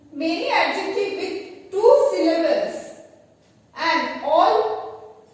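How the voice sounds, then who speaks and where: Teacher: woman, high voice, unhurried grammar lesson, echoey room with the mic set far off. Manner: slow, careful explanation with spelled-out letters. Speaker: English teacher.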